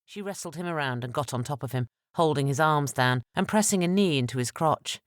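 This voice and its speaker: Audiobook narrator, woman, deep register, measured delivery, dry studio sound. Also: no echo. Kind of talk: scripted narration.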